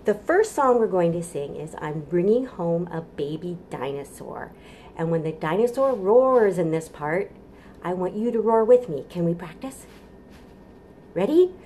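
A woman's voice: fairly low pitch, animated, moderate pace, warm tone, a little hiss or hum. A woman children's librarian leading a toddler storytime from her home kitchen, cheerful and sing-song as she talks to small children.

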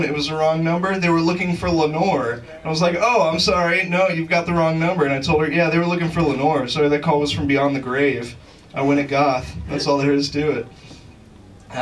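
A man's voice: on the high side, a bit bright, far from the mic, a little hiss or hum, rough recording. Rambling self-mocking male stand-up comic. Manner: self-deprecating, rambling with many fillers, laughs at own jokes. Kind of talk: stand-up set. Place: comedy club stage.

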